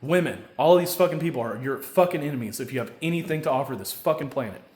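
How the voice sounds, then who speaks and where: A man pours out a long, heated, foul-mouthed monologue, looping back to the same filler question again and again. His voice sits at an ordinary mid pitch and carries a roomy echo. At its peaks the anger breaks into shouting. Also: lively intonation, fast talker. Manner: angry, profane, repeats a stock filler question; builds to loud shouting at times. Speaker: vlogger. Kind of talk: rambling solo rant to camera. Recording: echoey room.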